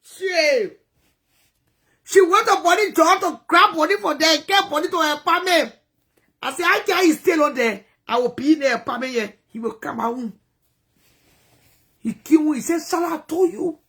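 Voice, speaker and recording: A woman with a strongly Liberian English accent pours out a personal story in a vlog monologue. Her voice sits very high, and she swings between near-whispered asides and sudden loud bursts as she tells it. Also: normal speed, long pauses. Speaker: vlogger.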